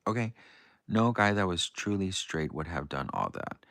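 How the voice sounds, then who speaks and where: A young man from the United States with a very low voice, talking casually to his live chat and rambling through a story full of "like" and "um". The sound is close and dry, with no room around it. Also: lively intonation, normal speed, vocal fry, a bit bright, no echo. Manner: rambling, heavy on fillers. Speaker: livestream host.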